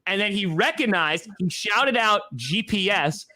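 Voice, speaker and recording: A young man co-hosting a sports podcast in quick, joking, casual chat. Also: sits high, lively intonation, sharp tone. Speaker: podcast co-host.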